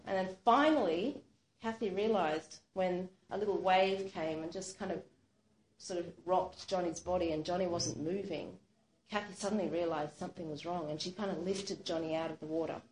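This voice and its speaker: A woman with a lowish, slightly mellow voice tells a true-sounding story aloud at a moderate pace, speaking conversationally and using "you know" and "sort of" a lot. The room echoes noticeably, with faint background noise.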